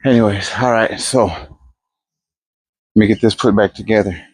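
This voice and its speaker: An older man's husky, lowish voice holds a steady tone at normal speed. He's a vlogger doing a casual day-in-the-life video on his phone outdoors by his garage, fixing a fridge, rambling easygoingly and talking to himself while he works.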